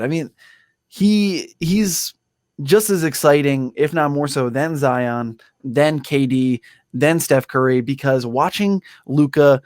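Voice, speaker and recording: A man's voice: mid-range voice, dry recording. A man in the middle of his range, chatting about sports with eager, rambling enthusiasm. His voice sits close and dry, with no room around it. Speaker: sports podcast host. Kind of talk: casual sports chat.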